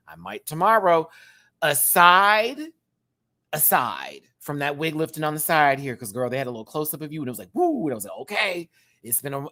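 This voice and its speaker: A man in his thirties, a drag queen, giving a sassy, animated casual review and laughing often while answering viewers. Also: mid-range voice. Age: 30s. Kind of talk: casual chatty episode review.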